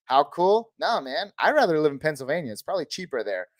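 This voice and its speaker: A man from Northern California hosting a live fantasy football Q&A, reading chat questions and giving quick, casual verdicts on who to start. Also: fairly high pitch, big pitch swings, no echo. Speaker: fantasy football livestream host.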